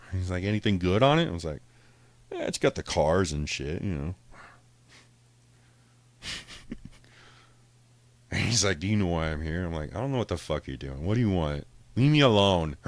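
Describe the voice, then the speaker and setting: A man's voice: low voice, no echo. A young man casually telling a story from his past, swearing a lot, laughing often and quoting people in his own voice. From Colorado, US. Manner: profane, laughing, quotes others in his own voice. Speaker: podcast guest telling a story.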